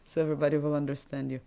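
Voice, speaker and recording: A woman's voice: low-pitched, little pitch movement, fast, gravelly, dark tone. A woman co-hosting a casual movie recap podcast. She chats freely, retells scenes and sometimes stops to search for the right English word. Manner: searches for English words, asks how to say them; chatty, retells scenes with laughs. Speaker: podcast co-host.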